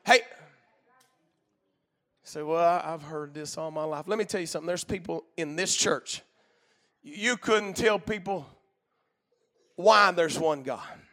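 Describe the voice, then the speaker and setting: A male preacher delivering a fiery church sermon, swinging from shouted bursts to low murmurs in a call-and-response cadence. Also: a little slow, long pauses.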